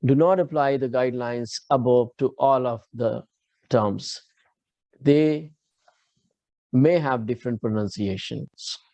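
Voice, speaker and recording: Speaking in a mellow, medium-pitched voice on a dry recording, an Indian English-accented man leads a live online pronunciation lesson. He explains slowly, restarts frequently, and checks in with students as he goes.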